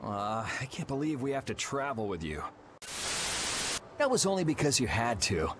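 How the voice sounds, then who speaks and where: A man's voice: mid-range voice, sing-song, moderate pace, background noise, close to an everyday voice. An actor playing a sardonic young swordsman in a video game, dry and blunt.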